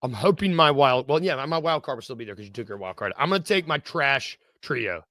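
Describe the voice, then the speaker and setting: A man co-hosting a casual podcast chat, excitable and laughing, often breaking into quoted movie lines. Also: medium pitch, a little fast, dry recording, studio quality. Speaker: podcast co-host.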